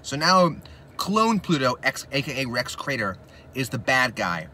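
A man rambling through a movie recap while his mouth burns from spicy chips, slipping into excited impressions. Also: medium pitch, measured pace, slight background noise. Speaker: mukbang host.

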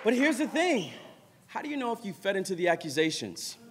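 A man preaching a midweek sermon, telling stories in an animated way and breaking into shouts. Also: high-pitched, brisk, background noise. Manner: animated storytelling, bursts into shouts. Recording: reverberant hall.

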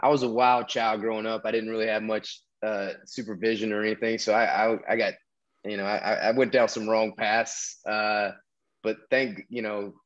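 A man's voice: lowish voice, flat delivery, moderate pace, lo-fi sound. A man, telling a long story as a podcast guest, full of restarts and fillers. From American South. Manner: rambling, many restarts and fillers. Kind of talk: casual storytelling interview.

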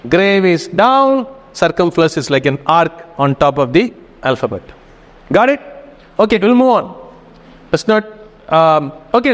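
High-voiced man teaching a class. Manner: casual, checks in with students often. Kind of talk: classroom lecture. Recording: reverberant hall.

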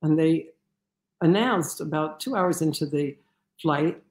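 A woman telling a personal story in an animated way, with many fillers and restarts. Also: deep voice, a little slow, roomy sound. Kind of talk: storytelling talk.

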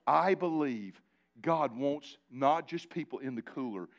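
Animated pastor preaching, fairly high voice. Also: male voice, a little slow. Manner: animated, talks directly to the congregation with asides and jokes. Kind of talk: live sermon. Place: church sanctuary before a congregation.

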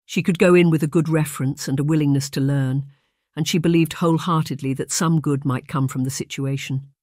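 A man narrating a period romance audiobook in a measured storytelling manner on a close microphone. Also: fairly high pitch, steady tone, a little mellow, no room sound. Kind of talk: scripted narration.

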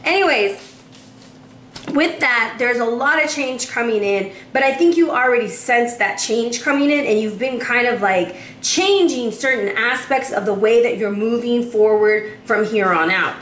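A woman in a warm room giving a chatty tarot reading straight to the viewer. Her voice sits fairly high, and she sounds slightly out of breath. The recording has a roomy echo with faint noise behind it. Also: a little slow. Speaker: tarot reader. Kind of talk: casual tarot reading to camera.

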